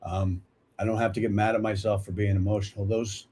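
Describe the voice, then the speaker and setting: A man's voice: fairly low pitch, flat delivery, a little fast, a little mellow, slight background noise. A man in his fifties hosting a live talk, earnest and reflective, often checking in with "right?". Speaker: host of a veterans support livestream.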